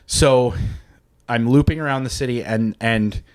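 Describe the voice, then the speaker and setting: A man's voice: medium pitch, measured pace. A man in his thirties from Canada, hosting a podcast and telling a story in casual, profane chat, acting out the quotes. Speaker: podcast host.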